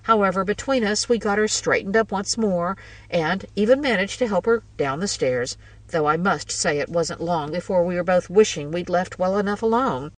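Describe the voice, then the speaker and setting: A woman narrating a first-person ghost story in a measured, wry way. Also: fairly low pitch, no room sound, distant mic, poor audio.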